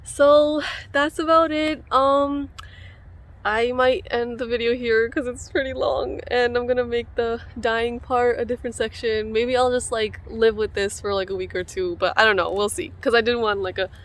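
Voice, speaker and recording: A young woman chatting casually and excitably as she cuts her own hair in a home vlog, sprinkling in "like" often. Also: a little high, normal speed. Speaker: beauty vlogger. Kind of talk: casual tutorial chat.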